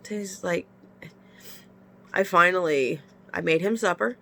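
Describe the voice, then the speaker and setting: A woman's voice: lowish voice, takes it slowly, creaky, a bit bright, slight background noise. A woman talking frankly and emotionally in a confessional vlog, sighing often, her nose stuffy from crying. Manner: emotional, frank venting with sighs. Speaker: vlogger.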